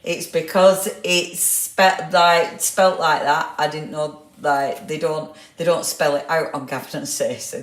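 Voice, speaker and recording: A woman hosting a casual live craft stream, greeting viewers by name and laughing often. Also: low voice. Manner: chatty, reads out viewer comments, laughs often. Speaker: craft livestream host. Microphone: clip-on microphone. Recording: roomy echo.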